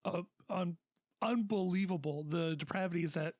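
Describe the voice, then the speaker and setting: A man's voice: high voice, moderate pace, darkish tone, no echo, clean studio sound. A man co-hosting a podcast, chatting casually with profane words and hesitant restarts. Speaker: podcast co-host. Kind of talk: casual chat.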